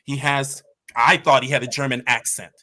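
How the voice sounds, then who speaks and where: A man's voice: mid-range voice, flat delivery, normal speed, pushed and bright. A man as a podcast guest, telling stories about his martial arts team with passion and emphasis. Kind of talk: conversational storytelling.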